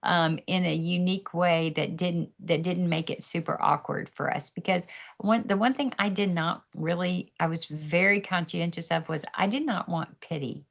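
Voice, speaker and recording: Woman guest, slightly low voice, gravelly, lively and laughing, acts out voices, video call. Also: moderate pace, dull audio. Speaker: podcast guest. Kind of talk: candid faith-filled storytelling.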